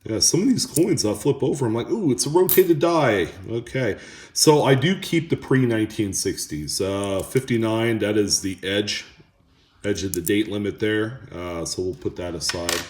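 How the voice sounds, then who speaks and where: A man hosting a coin roll hunting video, chatting casually and haltingly to viewers as he sorts coins. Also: lowish voice, a little mellow. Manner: rambling, halting, talks to viewers. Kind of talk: casual chat while sorting coins. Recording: echoey room with coin clinking.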